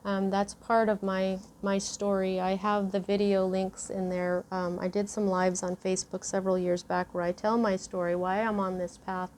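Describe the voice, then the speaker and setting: She is a woman with a voice of ordinary pitch who talks her viewers through a tarot reading. She is earnest and chatty, and she rambles along in a loose, personal way. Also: little pitch movement, normal speed, hardly any pauses, a little mellow, slight background noise. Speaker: tarot reader. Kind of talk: casual spoken tarot reading.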